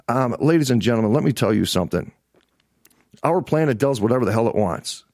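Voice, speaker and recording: This middle-aged political livestreamer has a lowish, slightly mellow voice and talks fairly quickly as he angrily rants. Swearing and repetition mark his delivery, recorded cleanly in a studio with no echo.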